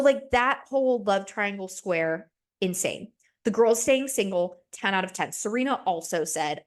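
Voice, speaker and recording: Young woman, podcast host, gossipy casual chat, animated quoting. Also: fairly low pitch. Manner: gossipy, animated, acts out quotes in exaggerated voices. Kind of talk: casual chat recapping a reality show.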